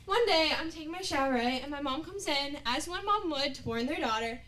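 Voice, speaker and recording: A woman's voice: high-pitched, expressive, a little fast, few pauses, pushed and bright. A woman telling a self-mocking comic story on stage in a chatty way. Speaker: student performer. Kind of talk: stand-up storytelling. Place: acting studio stage.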